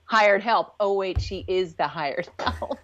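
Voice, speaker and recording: A woman co-hosting a casual TV recap chat, chiming in with quick quips and echoing her co-host. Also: mid-range voice, lo-fi sound. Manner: chimes in with short quips and echoes. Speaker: podcast co-host.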